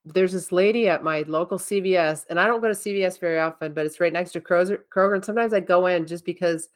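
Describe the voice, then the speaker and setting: A woman host telling a funny anecdote in casual chat, animated and swearing freely. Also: fairly low pitch, quick pace, soft background music. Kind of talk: casual comic storytelling.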